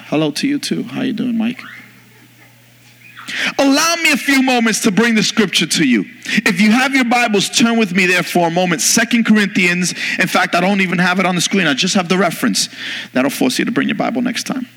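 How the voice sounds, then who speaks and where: A man preaching a sermon to his church as pastor, emphatic and rising in pitch as he presses his points. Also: expressive, fairly quick, gravelly, bright, forceful tone. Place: church sanctuary. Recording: long reverb of a large hall.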